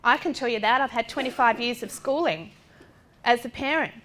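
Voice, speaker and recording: A fairly high-voiced middle-aged woman speaks to a class as the parent of a disabled child. She is blunt and lively, asks pointed rhetorical questions and slips into the voices of the people she describes. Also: brisk. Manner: direct and forthright, with rhetorical questions; animated, acting out other people's lines. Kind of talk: lecture talk drawn from personal experience.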